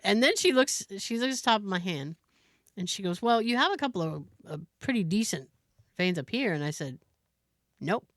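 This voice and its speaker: In a clean studio recording with no room sound, a podcast co-host speaks at medium pitch and a moderate pace. She's animated, telling a story in casual conversation and voicing its characters.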